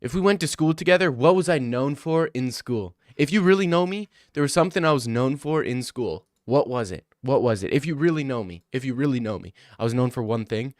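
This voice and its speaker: A young man in his twenties live-streaming, reading viewers' chat aloud and teasing right back. His voice sounds smooth and clean, sitting at an ordinary middle pitch, and the sound is dry and close. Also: expressive, fairly quick, few pauses, dry recording. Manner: joking, teasing, bantering with chat. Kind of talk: casual livestream chat.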